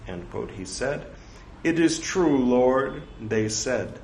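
Man, unhurried scripture reading, lively swooping delivery, wry digressions, echoey room with faint hiss. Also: mid-range voice. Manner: deliberate, dramatic emphasis; playful, self-mocking digressions. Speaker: scripture reciter.

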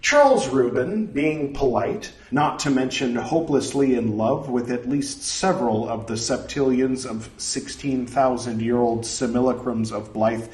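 Slow expressive male storyteller. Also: medium pitch. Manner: expressive, measured reading. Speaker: narrator. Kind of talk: storytelling reading. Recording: roomy, distant mic.

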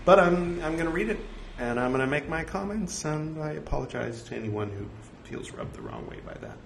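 A man's voice: on the high side, sing-song, fairly quick, vocal fry. Man reading scripture with wry asides. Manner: reads punctuation aloud, wry self-mocking asides. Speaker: scripture reciter. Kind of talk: scripture reading with joking commentary. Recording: echoey room with faint ambient noise.

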